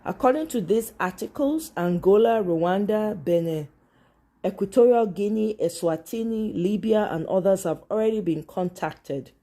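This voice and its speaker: A woman with a Nigerian accent hosting a live stream on politics, talking in an animated way, mixing English with Pidgin and greeting viewers by name. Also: medium pitch, normal speed. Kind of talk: casual live-stream commentary.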